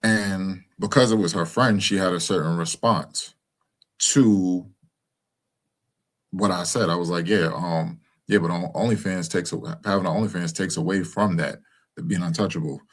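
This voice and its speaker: A man's voice: sits low, fairly even intonation, normal speed. A young man talking to his followers in a casual, rambling monologue, full of fillers and restarts. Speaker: commentator speaking to his followers.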